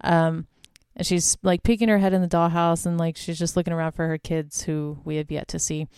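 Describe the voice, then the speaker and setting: A woman's voice: fairly low pitch, little pitch movement, fairly quick, darkish tone, clean tone, no room sound, studio quality. A young woman hosting a podcast, casually recapping a horror movie in a chatty way full of filler words. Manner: chatty, lots of "like" and "um". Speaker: podcast host.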